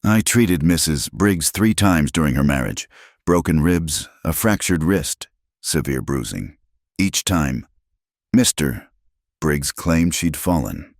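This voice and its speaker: A man's voice: extremely low pitch, expressive, takes it slowly, no room sound, studio quality, full character voice. A man playing an experienced country doctor giving grim, clinical testimony.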